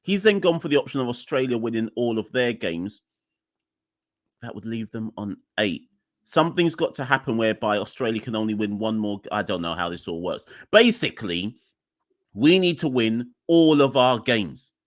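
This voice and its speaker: A man hosting a live podcast from home, chatty and rambling, low on energy and exasperated. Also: sing-song, normal speed. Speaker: podcast host. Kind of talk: casual live-stream chat. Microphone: desk microphone, unplugged at first.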